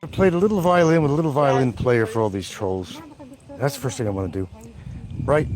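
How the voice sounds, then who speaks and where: A man's voice: medium pitch, expressive, fairly quick, background noise. A man hosting a livestream, rambling in a brash, taunting, trash-talking way. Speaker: livestream host.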